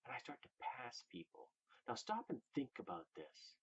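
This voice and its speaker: A man telling a personal story to his viewers, shifting from loud emphasis to hushed whispers. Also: medium pitch, huge pitch swings, normal speed, slightly rough, muffled recording. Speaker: vlogger.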